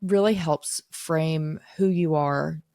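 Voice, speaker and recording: A woman with a somewhat low voice hosts a casual podcast interview. She asks reflective questions, pausing on fillers and restarting her sentences. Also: a little mellow, no room sound, studio quality. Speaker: podcast host.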